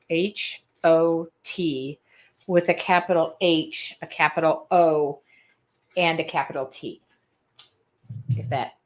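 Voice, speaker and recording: Chatty woman at her craft table. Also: on the low side. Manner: chatty, rambling, reads viewer comments aloud, laughs often. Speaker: art journaling host. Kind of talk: casual live-stream chat while crafting. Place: home art studio with air conditioning running.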